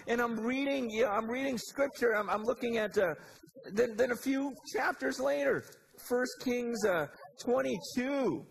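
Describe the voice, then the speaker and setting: A man's voice: very high voice, measured pace, gravelly, slight background noise. A man preaching a casual sermon, retelling scripture stories with slangy asides and acted-out quotes.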